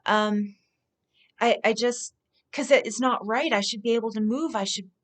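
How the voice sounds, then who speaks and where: A woman speaking as a spiritual speaker, telling personal stories in an earnest, unhurried way with soft laughs. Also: on the high side. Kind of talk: personal storytelling monologue.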